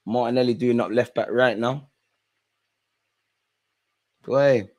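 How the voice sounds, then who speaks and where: A man's voice: medium pitch, steady tone, takes it slowly. A young man hosting a live football watch-along, reacting to the match in an exasperated way and talking straight at the players and the referee.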